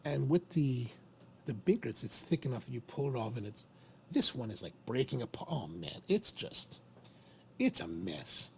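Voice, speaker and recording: Chatty gravel-voiced man rambling live. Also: mid-range voice, normal speed, slight background noise. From Maryland, USA. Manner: rambling, chatty, lively with repeated phrases. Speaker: livestream host. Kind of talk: casual live chat.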